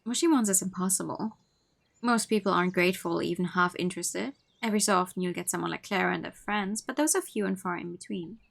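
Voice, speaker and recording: A woman streamer reading a visual novel aloud, with expressive narration and playful asides. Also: lowish voice, fast talker, vocal fry.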